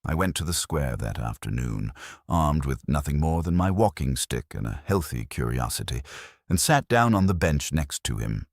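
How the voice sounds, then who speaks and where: A man narrating a mystery story in the first person, measured, wry and formal. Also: very deep voice, big pitch swings, creaky, no room sound, clean studio sound.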